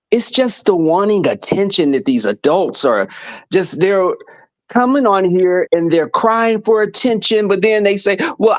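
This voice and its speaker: A man panelist giving sassy, theatrical commentary in casual chat. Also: high voice.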